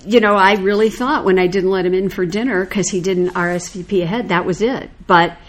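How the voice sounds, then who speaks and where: A woman's voice: mid-range voice, brisk. An older woman casually telling a story in conversation, acting out what people said. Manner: animated anecdotal storyteller, acts out quoted lines. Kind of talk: casual chat.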